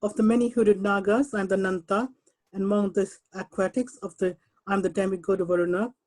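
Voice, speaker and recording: A woman reads scripture translations aloud to a group over a computer call. Her voice is warm and mellow, her delivery measured and careful, and she sometimes trips over long names. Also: medium pitch, flat delivery, poor audio. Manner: slow, careful reading with stumbles and apologies. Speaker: reader of English translation. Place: someone else's home, on an unfamiliar computer.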